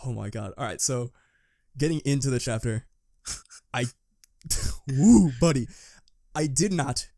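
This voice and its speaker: A man co-hosting a casual fan podcast, excitable and quick to laugh. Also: mid-range voice, dry recording, studio quality. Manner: laughs often, excitable, loose. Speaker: podcast co-host.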